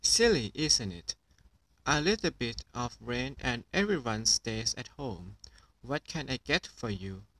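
A man's voice: medium pitch, sing-song, a little slow, a bit bright, no room sound, exaggerated voice, rough recording. A man reading a storybook aloud and voicing a chatty rabbit shopkeeper woman.

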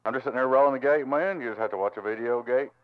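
A man's voice: medium pitch, rapid-fire, no room sound. A Southern man from Tennessee, drawling friendly greetings and sign-offs as a CB radio operator. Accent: Southern American. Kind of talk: CB radio chatter. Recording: tinny radio audio with loud static.

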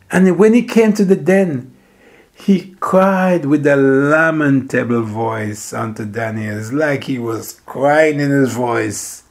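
A man preaching a sermon, slowly retelling a scripture story, repeating phrases for emphasis and acting out the characters' words. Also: fairly high pitch, gravelly. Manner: acts out the king's and Daniel's words.

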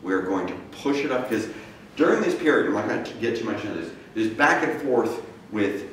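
Low-voiced man telling a story in an echoey hall. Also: lively intonation, a little fast, a bit bright. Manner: casual and conversational, acts out quoted voices. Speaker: guest speaker. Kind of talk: storytelling talk to a live audience. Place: large campus lecture room. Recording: very echoey room, speaker far from mic, faint noise.

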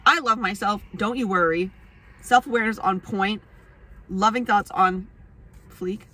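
A woman's voice: mid-range voice, a little slow, pushed and bright. A young woman casually explaining astrology to camera, rambling, laughing often, swearing freely and poking fun at herself. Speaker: astrology vlogger.

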